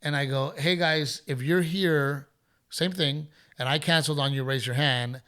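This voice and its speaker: A middle-aged man hosting a podcast, telling a story in a casual, animated way and acting out other people's voices. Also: on the high side, moderate pace. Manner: animated, acts out heckler voices. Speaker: podcast host.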